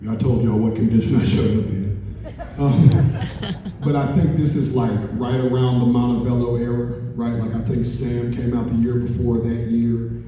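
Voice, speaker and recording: A man chatting excitedly and slangily on stage, laughing often. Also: mid-range voice, moderate pace, a little hiss or hum. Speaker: musician interviewing another on stage. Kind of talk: excited interview chat before a live audience. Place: large conference hall. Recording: echoey hall, distant mic.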